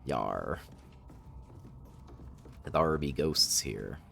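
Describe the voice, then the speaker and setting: Gruff, menacing pirate, a man doing the voice, drawling, rumbling low. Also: moderate pace, pushed and bright, exaggerated voice.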